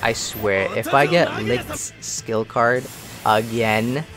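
A young man giving casual, slangy commentary while playing a mobile game, excitable and grumbling at his bad luck. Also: lowish voice, takes it slowly, music in the background.

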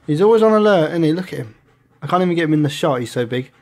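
Seorang pria beraksen Inggris bercerita santai sambil merawat dan melatih anjingnya di rumah. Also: male voice, on the high side, lively intonation, racing, a little mellow. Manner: chatty, coaxing the dog with short commands. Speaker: vlogger and dog owner. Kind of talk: casual vlog narration. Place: at home with a dog. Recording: faint background noise.

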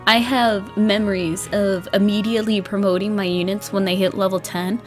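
A woman's voice: mid-range voice, normal speed. Bubbly young woman chatting over faint music. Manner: bubbly, animated, laughs often, acts out her past reactions. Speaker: gaming vlogger. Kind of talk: casual chat.

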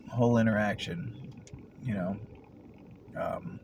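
Male vlogger, low register, meandering and reflective, trailing off quietly; noisy recording with traffic behind. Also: normal speed. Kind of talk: rambling personal vlog. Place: at work, vehicle sounds around.

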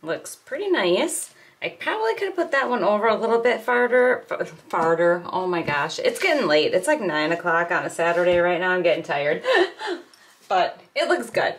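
At a moderate pace and fairly low pitch, a middle-aged woman talks through a crochet demonstration at home. It's a relaxed, chatty, step-by-step session, carried out while she works with her hands.

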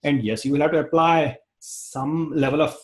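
A man's voice: on the high side, fairly even intonation, moderate pace, reverberant. A man teaching a tech course, reassuring his learners and explaining step by step. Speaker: course instructor.

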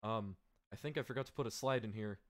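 A young man hosting a live stream, calling the action in a loud, excitable way and laughing often. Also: fairly low pitch, fast, noisy background. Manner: yells and laughs at big moves, then mumbles when fixing slides. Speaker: stream host and commentator.

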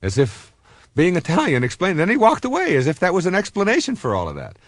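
A man's voice: sits high, wildly swooping pitch, fast talker, dry recording, studio quality. A man in his fifties, a self-help author, giving a conversational motivational talk full of personal stories, with many fillers and restarts.

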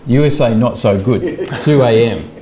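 An older man telling a casual personal anecdote, halting often on fillers and chuckling as he goes. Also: mid-range voice, mellow, a little hiss or hum. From Australia. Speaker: scientist telling a personal story.

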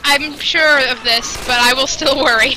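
An excitable woman chats and shouts callouts over a shooter game. Her voice sits high, and loud game gunfire runs underneath her. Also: moderate pace, rough recording. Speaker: gamer. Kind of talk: casual chat while playing a shooter. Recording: game gunfire noise behind.

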